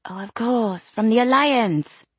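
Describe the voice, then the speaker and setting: A woman voicing a young werewolf queen with a French accent, eager and warm-hearted. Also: fairly high pitch, measured pace, slightly rough, dry recording, voice pushed up. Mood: friendly.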